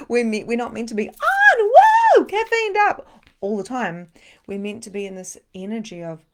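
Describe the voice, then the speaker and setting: A middle-aged woman, a spiritual coach leading a live guided meditation and chatting with viewers in a soft, soothing way. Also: medium pitch, sing-song, normal speed. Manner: soft, soothing guiding voice with breathy exclamations.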